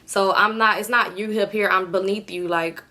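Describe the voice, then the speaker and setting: A young woman telling a storytime in a blunt, animated, slangy way. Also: mid-range voice, normal speed. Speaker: storytime vlogger. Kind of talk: casual storytime chat.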